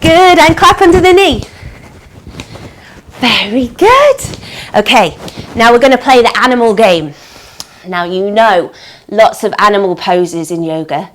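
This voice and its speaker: Upbeat woman teacher running a children's yoga class over a video call, high-pitched and slow-paced. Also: expressive, fairly bright tone, a little hiss or hum. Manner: upbeat, encouraging, sing-song animal sounds.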